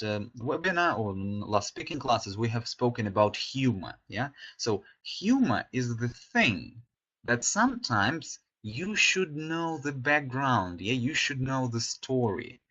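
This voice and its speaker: A man's voice: mid-range voice, a bit bright. A man teaching an English class online, chatty and full of fillers, often checking with "yeah?". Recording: slightly dull lo-fi audio.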